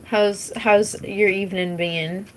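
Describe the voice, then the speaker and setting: A woman's voice: mid-range voice, fairly even intonation, slow, slight background noise, poor audio. A young woman from British Columbia, streaming and chatting casually with her chat, rambling with lots of fillers and casual swearing. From British Columbia, Canada. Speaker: live streamer.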